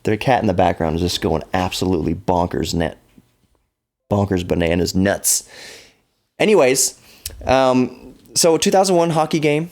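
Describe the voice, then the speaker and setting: Male podcast host, 30s, lowish voice, loose rambling delivery with self-corrections. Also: lively intonation, normal speed, long pauses, a little mellow. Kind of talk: casual solo podcast talk.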